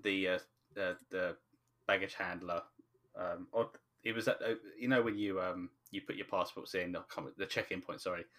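A man speaks in a low, deep voice, chatting casually as a podcast co-host. He talks hesitantly, full of ums and restarts, as he thinks aloud. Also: fairly even intonation, moderate pace, a bit bright. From from just outside London, England. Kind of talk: casual chat about a TV show.

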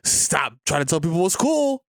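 A man's voice: fairly high pitch, big pitch swings, normal speed, vocal fry, a bit bright, no echo, studio quality. A man co-hosting a podcast, laughing and joking in profane street slang. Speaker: podcast co-host. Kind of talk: casual banter.

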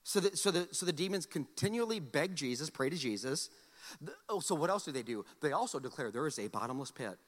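A man's voice: fairly high pitch, expressive, fast, fairly bright tone, long reverb tail. A man preaching a sermon to a congregation. He talks in a conversational, joking way and often repeats words as he restarts his sentences. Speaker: pastor.

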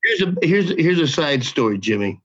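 An older man tells a story with big swings in his voice, jumping high and dropping low as he plays each person he quotes. His pitch sits high for a man, and he swears freely and laughs as he goes. The recording sounds dull and lo-fi. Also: moderate pace. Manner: animated, profane, acts out quoted voices. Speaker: podcast guest, actor. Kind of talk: casual storytelling.

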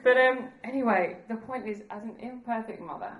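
A woman's voice: on the high side, brisk, reverberant, poor audio. A woman preaching a sermon in an earnest, conversational way, laughing at herself now and then.

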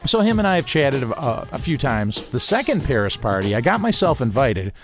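A man telling a personal story in a casual, animated way, mimicking the voices of people he quotes and chuckling now and then. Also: mid-range voice, normal speed, faint music behind.

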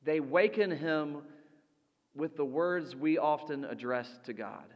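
A man preaching a sermon as pastor, slow and deliberate, letting his voice drop soft for quoted lines. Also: a little high, muffled recording. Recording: long reverb of a large hall.

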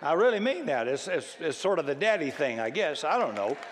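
A man's voice: a little high, big pitch swings, fairly quick, noisy background. An older man and grandfather preaching a conversational, self-deprecating sermon who acts out the voices in his stories. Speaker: pastor. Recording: long hall reverb.

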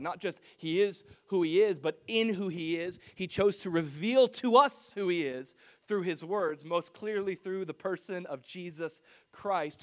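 Conversational pastor preaching to his church. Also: high-pitched. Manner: conversational preaching with personal stories. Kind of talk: sermon.

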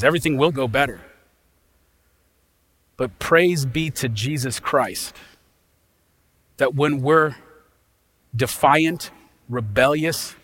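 A pastor delivering an impassioned sermon in a folksy, casual way, swinging from loud emphasis to hushed quiet. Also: male voice, mid-range voice.

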